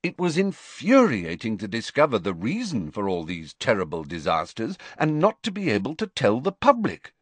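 A man reading an audiobook as narrator, wry and measured. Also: medium pitch, wildly swooping pitch, husky, dry recording. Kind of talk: scripted narration.

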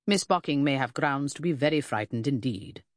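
A woman's voice: rumbling low, lively intonation, moderate pace, dry recording, studio quality. A woman voicing a pompous, pedantic middle-aged male detective in an audiobook, speaking in a lofty, formal, clipped way. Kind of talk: audiobook character reading.

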